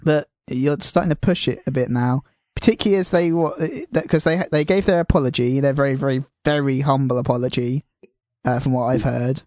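A man hosts a podcast in a loose, rambling way. He is self-deprecating and swears casually. His voice sits at an ordinary pitch and sounds dry and close, with no room in it. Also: fairly even intonation, fairly quick, a little mellow, no echo. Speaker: podcast host. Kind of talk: casual chat.

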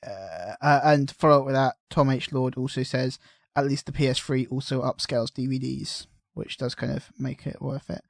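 A man's voice: medium pitch, fairly even intonation, normal speed, vocal fry, no echo. A man co-hosting a casual podcast, reading out listener questions and stumbling over his words, mocking himself as he goes. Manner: self-mocking, trips over words with 'th' sounds. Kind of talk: casual chat.

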